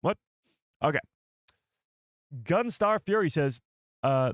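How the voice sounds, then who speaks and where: A man's voice: medium pitch, lively intonation, moderate pace, pauses often, no room sound, clean studio sound. A young man hosting a casual livestream, reading viewer comments aloud and laughing at himself. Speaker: livestream host. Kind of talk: casual live chat.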